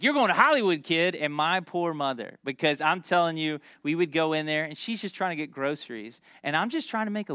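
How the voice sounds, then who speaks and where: A man in his thirties preaching a sermon, animated and jokey, telling stories with quick asides. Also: on the high side, clear, resonant tone, no echo, studio quality. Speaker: pastor.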